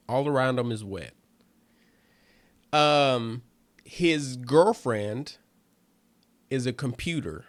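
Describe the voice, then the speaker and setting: A man's voice: mid-range voice, slow, pauses often, no echo. A comedian hosting his own show, chatting casually and loosely to listeners with lots of fillers and calling them family. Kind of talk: casual solo chat to listeners.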